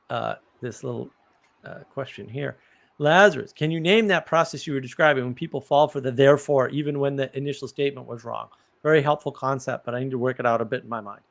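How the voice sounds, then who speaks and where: A man's voice: medium pitch, creaky, a bit bright. A man hosting a live stream, explaining ideas in a casual, thoughtful way with examples.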